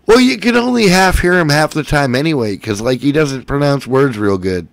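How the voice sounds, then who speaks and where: A man's voice: a little high, animated, normal speed, creaky, no room sound. A man in casual chat who jokes, swears freely and laughs often. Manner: laughing, profane, joking.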